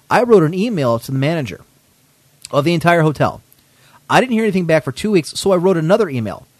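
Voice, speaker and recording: A man's voice: on the high side, no room sound. A man hosting a podcast, telling a story in a casual, indignant way, swearing often. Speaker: podcast host.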